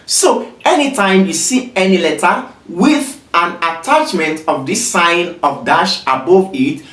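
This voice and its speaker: A patient teacher walks beginners through letter sounds at an unhurried pace, saying each sound again and again. The voice moves up and down lively. It is heard from a little distance in an echoey room. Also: medium pitch. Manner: patient, repeats each sound many times. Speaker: Arabic teacher. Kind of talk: slow beginner lesson with repeated sounds. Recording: roomy echo, voice away from mic.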